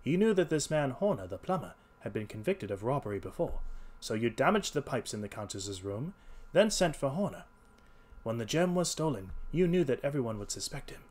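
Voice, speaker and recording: A man voicing a calm, shrewd detective who speaks in a measured, composed way. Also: medium pitch. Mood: accusing. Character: calm, shrewd male detective, stern at times. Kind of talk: read-aloud character voice.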